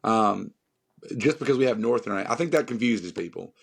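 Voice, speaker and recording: A man's voice: fairly low pitch, animated, normal speed, gravelly, breathy edge. A man from North Carolina with a Southern accent, a musician guest chatting casually and emphatically, rambling with many fillers. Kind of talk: casual podcast chat.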